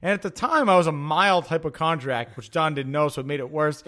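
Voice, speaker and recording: A man hosting a podcast, telling stories in casual chat, profane and excitable, acting out quotes. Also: a little high, fairly quick. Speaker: podcast host.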